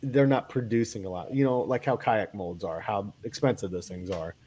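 A man's voice: on the low side, moderate pace, darkish tone, breathy edge. Rambling man with a cold. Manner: rambling, many fillers and restarts. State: has a cold. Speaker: kayak angler guest. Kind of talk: casual chat.

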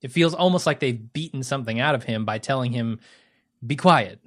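A man co-hosting a casual film chat, measured and thinking aloud with fillers. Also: mid-range voice. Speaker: podcast co-host.

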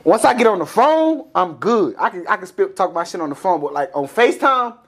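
A man's voice: high-pitched, very animated, a little fast, a bit bright. A young man telling stories in a laid-back casual chat with friends.

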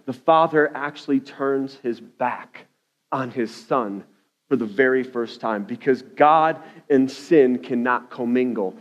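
A man preaching a sermon as a pastor in a church, fervent and loud at the climaxes, with "okay?" asides. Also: mid-range voice, slow. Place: church sanctuary. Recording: dull lo-fi audio.

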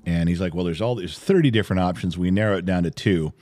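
A middle-aged man co-hosting a podcast, telling a story in casual chat, animated and swearing freely. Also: sits low, quick pace. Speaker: podcast co-host, father.

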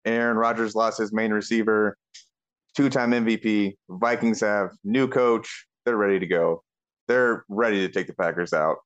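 A man co-hosting a casual sports podcast, relaxed and matter-of-fact. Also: lowish voice, normal speed, highs cut off. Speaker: podcast co-host.

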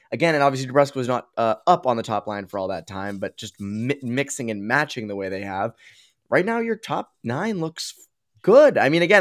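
Boston-area guy hosting a sports podcast, mid pitch, rambles and restarts a lot. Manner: rambling, many fillers and restarts. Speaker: podcast host. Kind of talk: casual sports talk.

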